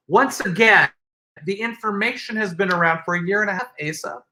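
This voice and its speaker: Podcast co-host, man, high-ish bright voice, very animated and wry. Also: moderate pace. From United States. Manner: animated, laughing, sarcastic asides. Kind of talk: casual chat.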